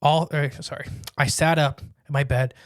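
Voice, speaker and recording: A man's voice: on the high side, steady tone, no echo, clean studio sound. Man reading a listener's story aloud. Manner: reads quickly with asides and jokes. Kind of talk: casual podcast chat, reading a submission aloud.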